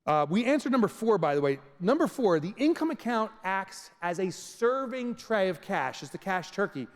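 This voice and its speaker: Guy doing a funny business talk onstage, high lively voice, big hall echo. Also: moderate pace. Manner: animated storytelling, acts out scenes. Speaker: keynote speaker. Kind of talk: comedic motivational talk to a live audience. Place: large venue with audience. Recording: reverberant hall.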